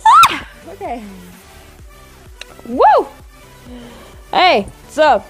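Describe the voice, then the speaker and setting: Woman, high voice, slow unhurried reading, giggly, trips over words, faint music behind. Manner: giggly, stumbles over words, chatty asides. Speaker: fan fiction reader. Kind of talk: casual reading aloud of fan fiction. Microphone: desk microphone.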